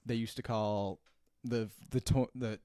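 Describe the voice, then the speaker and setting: A man's voice: mid-range voice, steady tone, measured pace, warm tone, no echo, clean studio sound. A man from Minnesota co-hosting a casual chat, explaining his views earnestly and laughing easily.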